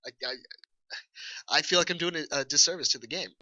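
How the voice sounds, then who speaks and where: A man casually reviewing a video game with a co-host, animated, laughing and swearing as he talks. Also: a little high, moderate pace, no echo, poor audio. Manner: animated, swearing, laughing, acts out enemy shouts.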